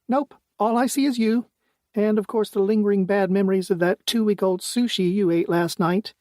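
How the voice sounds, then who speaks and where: A man voicing a sarcastic female starship AI with deadpan, teasing delivery. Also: high voice, normal speed, no echo, clean studio sound, voice pushed up, lightly acted.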